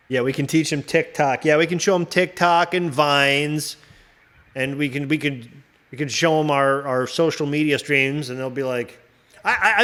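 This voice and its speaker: A man in loose, casual conversation, slightly higher-pitched than most men. He rambles from one riff to the next, swears freely and laughs a lot. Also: a bit bright. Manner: rambling, laughing, profane riffs. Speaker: host. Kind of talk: casual chat.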